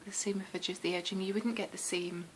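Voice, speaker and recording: A woman's voice: mid-range voice, fairly even intonation, quick pace, slight background noise, poor audio. A Scottish woman hosting a knitting podcast, chatting casually and meandering with lots of restarts and ums. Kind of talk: casual chat.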